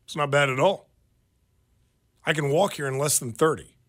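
A man's voice: a little high, normal speed. A man co-hosting a radio talk show, telling stories animatedly with plenty of fillers and restarts. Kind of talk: casual talk radio banter.

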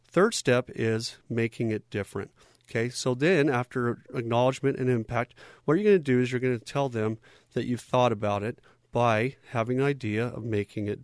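A man's voice: mid-range voice, dry recording, clean studio sound. A man giving an instructional talk in a conversational way, often checking in with his listeners. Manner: conversational, checks in with "okay?" and "right?".

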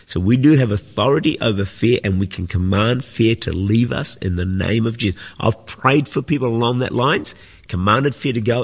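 A man's voice: fairly low pitch, gravelly, slightly rough. A man preaching a sermon as senior pastor, earnest and teaching, repeating phrases for emphasis. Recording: echoey hall with long reverb.

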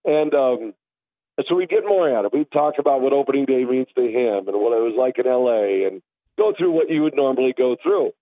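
A man's voice: mid-range voice, fairly quick, dry recording. A man, a sports radio host, telling stories in casual chat and acting out the people he quotes. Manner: animated, acts out quoted callers. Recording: tinny phone line.

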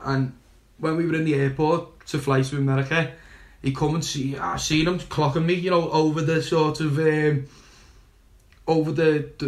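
A man's voice: fairly high pitch, echoey room. A young man telling a story in casual, rambling fashion, swearing and laughing along the way. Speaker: guest.

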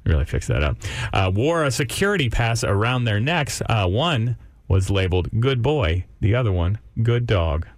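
Male morning radio co-host, animated delivery, dry studio sound, quick joking banter. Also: fairly low pitch, dry recording. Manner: animated, joking, stumbles over words.

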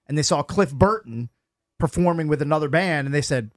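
A man's voice: fairly high pitch, fairly quick. A man co-hosting a podcast, chatting casually with opinionated, sarcastic asides. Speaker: podcast co-host. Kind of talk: casual chat.

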